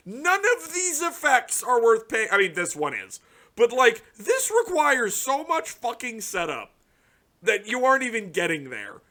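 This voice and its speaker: Cursing, animated young man ranting. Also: very high-pitched. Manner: profane, exasperated ranting with sudden loud outbursts. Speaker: card game content creator. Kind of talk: casual reaction commentary.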